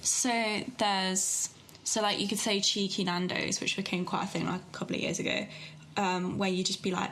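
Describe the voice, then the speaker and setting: An English woman from Worcestershire chats as a podcast guest. Her voice has a gravelly edge. She talks easily and explains words with quick, offhand examples. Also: medium pitch, flat delivery, fairly bright tone, a little hiss or hum, poor audio. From Worcestershire, England. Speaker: guest singer-songwriter. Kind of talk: casual podcast chat.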